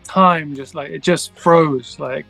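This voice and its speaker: A man's voice: on the high side, fairly even intonation, slow, creaky, sharp tone, no echo, soft background music. Rambling man telling a story. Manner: rambling, many restarts and fillers, acts out quoted dialogue. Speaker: guest musician. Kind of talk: casual storytelling interview.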